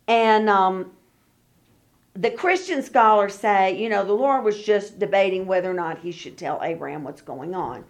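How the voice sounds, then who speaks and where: A woman leading a Bible study, reading scripture aloud and then explaining it in casual talk, acting out the quoted speakers. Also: mid-range voice. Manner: acts out the quoted speakers in lively voices.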